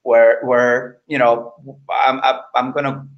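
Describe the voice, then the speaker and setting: A middle-aged man talks candidly as an interview guest. His voice sits at an ordinary pitch, and he speaks earnestly, stopping and restarting as he repeats words. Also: level tone, takes it slowly, lo-fi sound.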